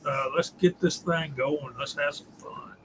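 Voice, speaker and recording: A man's voice: a little high, steady tone, moderate pace, a little hiss or hum, rough recording. A man joking casually as a guest on a livestream.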